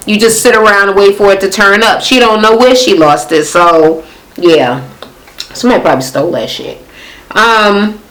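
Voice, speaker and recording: A woman's voice: mid-range voice, fairly bright tone, low-quality recording. A woman hosting a casual reality TV recap, talking bluntly and profanely as she retells scenes in quoted voices.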